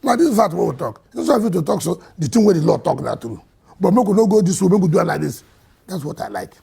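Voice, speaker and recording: A man with a Nigerian accent, a state governor answering interview questions emphatically, swinging between loud and quiet. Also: sits high, very animated, fast, vocal fry, slightly rough.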